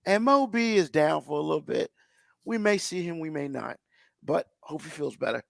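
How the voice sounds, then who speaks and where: A man hosting a podcast, his voice hoarse and gravelly with a slightly high pitch. His delivery bounces around with animated swings as he jokes and teases. The sound is dry and close. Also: moderate pace, dry recording. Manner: playful, teasing banter with lively swings. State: hoarse, raspy voice after illness. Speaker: podcast host. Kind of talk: casual chat.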